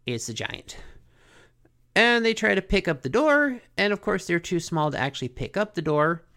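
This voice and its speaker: A podcast host recapping a cartoon episode in a joking, animated way. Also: medium pitch, vocal fry. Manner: animated, joking, self-questioning.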